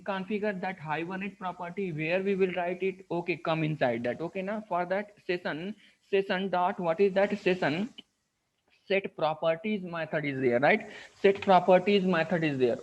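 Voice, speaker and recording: Indian guy teaching coding live, highish voice, keeps going "what is that? right?", kinda muffled lo-fi audio. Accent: Indian English. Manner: repeats "what is that?" and "right?" while explaining step by step. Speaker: programming instructor. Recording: dull lo-fi screen recording.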